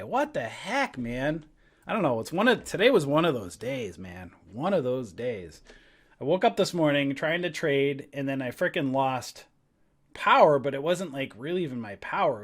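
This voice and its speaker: A man's voice: mid-range voice, a bit bright. A man hosting a stock trading live stream, ranting about his bad day with swearing and frustrated laughter, then walking through charts. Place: home trading desk.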